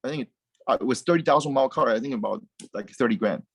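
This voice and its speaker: Animated man, dry close sound. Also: mid-range voice, fast talker, vocal fry, breathy edge, no room sound. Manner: animated, rambling with frequent restarts and repeated words. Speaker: guest, car company founder. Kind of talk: casual interview chat.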